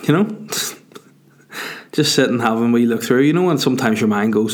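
A man's voice: mid-range voice, lively intonation, normal speed. A man hosting a podcast, telling a rambling comic story full of swearing, with constant "you know" and "do you know what I mean". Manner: profane, joking, digressive storytelling. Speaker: podcast host.

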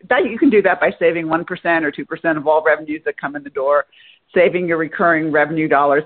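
A woman guest in a business interview speaks in a husky voice. She gives direct, plain-spoken advice. Her audio comes through narrow and thin, like a phone call. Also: low voice.

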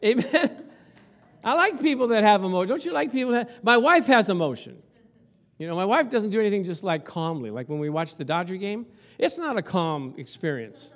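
Animated high-voiced male preacher. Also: a little fast. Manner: animated, storytelling with acted-out quotes. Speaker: pastor. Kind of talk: sermon.

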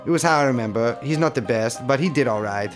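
A man's voice: medium pitch, fast, over music, voice pushed down, lightly acted. A man voicing an evasive male Russian bodyguard and trainer in a comedic interview reenactment, speaking broken English in a put-on Russian accent that drifts toward German and Polish. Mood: matter-of-fact. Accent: put-on Russian, slipping toward German and Polish. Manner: broken English, defensive, denies everything.

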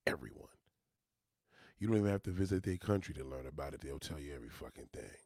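A man's voice: very deep voice, lively intonation, fast, a little mellow, slightly rough, no room sound, studio quality. A man with a New York accent, talking to his viewers in a loose, profane, rambling way with motivational asides. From New York City. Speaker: vlogger. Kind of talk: casual monologue to viewers.

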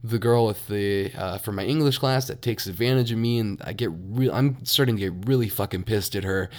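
A man's voice: fairly low pitch, a little fast, a little mellow. Profane, laughing young man ranting. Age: young adult. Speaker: podcast host. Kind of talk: solo podcast rant.

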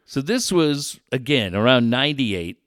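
A middle-aged man telling radio stories in casual chat, animated and profane, laughing often. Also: medium pitch, unhurried, no echo, studio quality.

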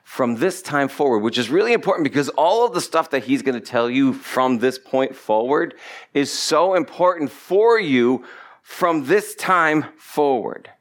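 A man's voice: mid-range voice, lively intonation, measured pace. A man preaching a sermon, emphatic and repetitive, stretching out key words for stress. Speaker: pastor.

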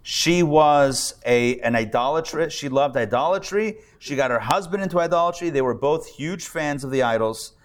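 A man's voice: fairly high pitch, lively intonation, normal speed, hardly any pauses. A man teaching a live class as a rabbi, talking in a loose conversational way with many restarts and repeated words, and dropping in wry jokes. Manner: wry humorous asides. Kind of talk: live adult-education lecture. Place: live lecture before an audience.

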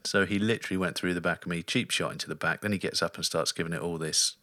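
Deep-voiced man with a bright edge. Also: fairly even intonation, fast talker, no room sound, clean studio sound. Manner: storytelling, wry. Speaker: podcast host, flag football player. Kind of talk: casual chat.

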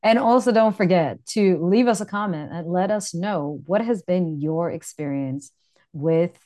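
A woman with a very low voice co-hosts a relaxed podcast. She laughs easily and speaks straight to the listeners, asking them to comment and subscribe. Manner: laughing often, direct, wraps up with calls to comment and subscribe. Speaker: podcast co-host. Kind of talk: casual chat.

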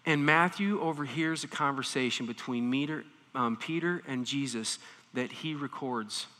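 A man preaching a sermon, animated, swinging between quiet explanation and intense emphasis. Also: mid-range voice, normal speed. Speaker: pastor. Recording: reverberant hall.

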